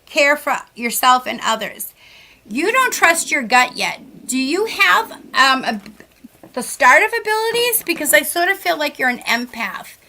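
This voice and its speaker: A woman's voice: high-pitched, very animated, a little slow. A middle-aged woman with a Massachusetts accent, a psychic medium chatting casually and giving readings. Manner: chatty, warm storytelling with frequent "like". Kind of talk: casual radio chat with readings.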